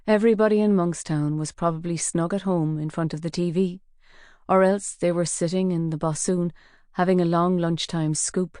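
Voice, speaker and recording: A woman narrating a crime audiobook in a measured, even storytelling manner. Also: fairly low pitch, clean tone, dry recording, studio quality. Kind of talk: scripted narration.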